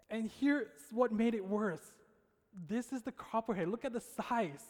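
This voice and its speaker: Man preaching in a reverberant hall. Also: high voice. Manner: storytelling with animated quoted voices; frequent check-ins to the audience. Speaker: pastor. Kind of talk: sermon.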